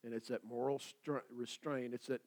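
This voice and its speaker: A pastor preaching a sermon, swinging between loud declarations and quiet asides. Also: male voice, mid-range voice, level tone, moderate pace.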